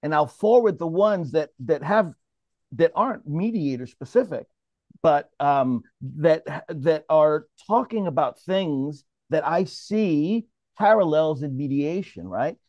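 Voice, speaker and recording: Casting: animated male moderator from New York, slightly high voice, muffled dry call audio. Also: slow pace, dry recording. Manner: animated, restarts often, calls on others. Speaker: mediator leading a roundtable. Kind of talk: casual discussion, moderating.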